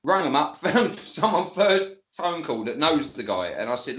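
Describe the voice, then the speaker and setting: A man's voice: fairly high pitch, big pitch swings, moderate pace, few pauses, a bit bright, reverberant. A man, telling a story as a guest in casual chat, laughing often and swearing freely.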